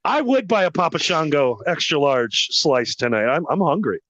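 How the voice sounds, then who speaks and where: A man's voice: on the high side, very animated, moderate pace, fairly bright tone, no room sound, muffled recording. A man hosting a podcast in casual chat, crude and joking, laughing often. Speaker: podcast host.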